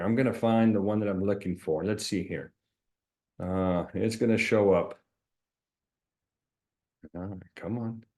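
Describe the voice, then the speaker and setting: A man working as an insurance agent who talks straight to his viewers, animated and sarcastic, explaining while he shares his screen. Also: mid-range voice, echoey room.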